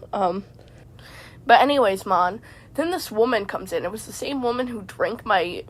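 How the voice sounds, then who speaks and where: A woman vlogger telling a rambling comedic story from inside a parked car, stammering and tacking "man" onto her sentences. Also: mid-range voice.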